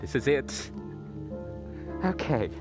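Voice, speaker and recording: A man's voice: big pitch swings, slow, music in the background. A young man vlogging in the snowy woods at night into his phone, rambling in a mock-dramatic way. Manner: rambling, mock-dramatic, wildly swinging pitch. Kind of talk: comedic outdoor vlog. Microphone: phone camera.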